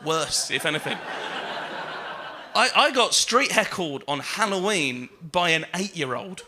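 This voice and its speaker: A man doing a stand-up comedy routine on stage, chatty and full of fillers, swearing and building to shouted punchlines. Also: a little high, animated, normal speed, background noise. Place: comedy stage with live audience.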